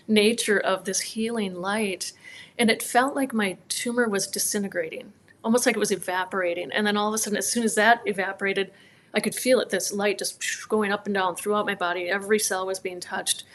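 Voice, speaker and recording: A woman's voice: mid-range voice, a little hiss or hum. A woman in her thirties from northern Minnesota, a chiropractor guest telling a personal story with heartfelt emotion and acting out the dialogue. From northern Minnesota, USA.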